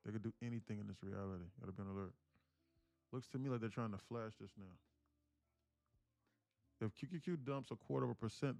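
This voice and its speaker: A man's voice: fairly low pitch, vocal fry, a little mellow, no echo. A man hosting a live trading stream, chatting casually and teasing viewers between market calls. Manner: joking, teasing chat with viewers. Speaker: livestream day trader host.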